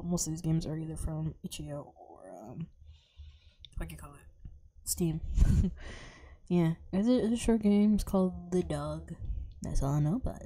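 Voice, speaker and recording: A woman's voice: fairly low pitch, dark tone, slight background noise. A young woman streamer chatting casually through a horror game, swearing freely and often dropping into a whisper. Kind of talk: casual let's-play commentary.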